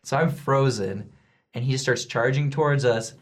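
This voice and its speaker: Animated young man telling a story. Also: medium pitch, moderate pace. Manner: animated, acts out voices in quotes. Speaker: returned missionary. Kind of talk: casual storytelling.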